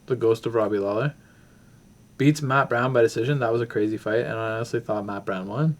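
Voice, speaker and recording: A man's voice: mid-range voice, brisk. A man hosting a casual talk show, rambling through a fight breakdown while thinking aloud with many fillers. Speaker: podcast host.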